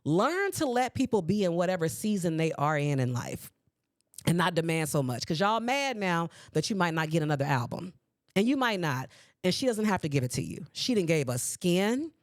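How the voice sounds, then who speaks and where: A woman in her forties hosting a podcast, ranting at her listeners in a sassy, animated way. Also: lowish voice, normal speed, dry recording, studio quality. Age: 40s. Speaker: podcast host. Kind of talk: solo podcast commentary. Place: podcast recording space.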